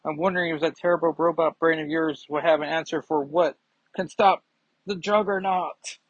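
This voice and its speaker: A man's voice: on the high side, fairly even intonation, moderate pace, slightly rough, dry recording, pitched above the performer's own voice. A man reading out a defiant female telepath's lines in his plain voice. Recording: dull lo-fi sound.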